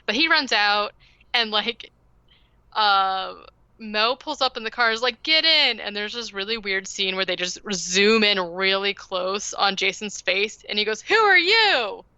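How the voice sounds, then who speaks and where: A woman's voice: medium pitch, unhurried, pushed and bright, clear, resonant tone, no room sound, lo-fi sound. A woman podcast host casually recapping a movie, rambling with lots of "like" and "um". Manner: rambling, heavy use of "like" and "um".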